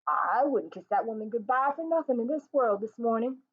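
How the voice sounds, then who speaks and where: A woman voicing a weary, sharp-tongued young mother, blunt and scolding. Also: a little high, expressive, moderate pace, voice pushed up. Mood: teasing. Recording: tinny phone-like sound.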